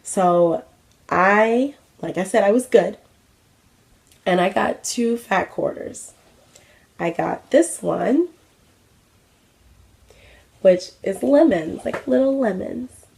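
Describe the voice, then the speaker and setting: A woman's voice: medium pitch, animated, extremely slow, creaky, long pauses, darkish tone. A young adult woman hosting a craft vlog, chatting casually with many fillers and self-mocking asides. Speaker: craft vlogger. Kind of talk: casual chat.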